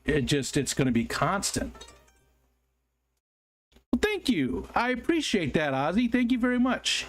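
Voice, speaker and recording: A man's voice: sits high, wildly swooping pitch, measured pace, soft background music. Chatty man hosting a livestream. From United States. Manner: chatty, apologetic, rambling with frequent ums and restarts. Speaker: livestream host. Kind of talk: casual livestream chat, reading viewer comments aloud.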